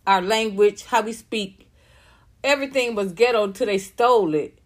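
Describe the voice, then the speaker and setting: A woman's voice: medium pitch, moderate pace. A woman in her fifties, a comedian, ranting to viewers on a livestream, profane, repetitive and fired up. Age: 50s.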